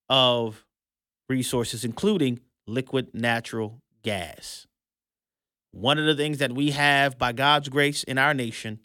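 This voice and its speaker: A man hosting an opinionated commentary show, emphatic and sarcastic, swinging between loud and hushed. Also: on the high side, dry recording, studio quality.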